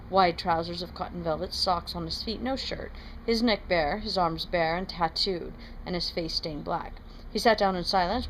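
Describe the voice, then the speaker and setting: A woman reading a classic novel aloud in a steady, plain manner, now and then correcting a word. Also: on the low side, a little hiss or hum, poor audio. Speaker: reader.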